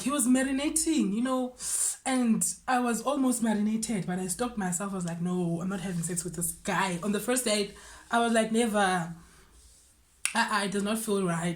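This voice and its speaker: Young woman, Xhosa South African accent, casual storytime vlogger, animated. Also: mid-range voice. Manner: switches between English and Xhosa, animated retelling. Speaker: vlogger telling a personal story.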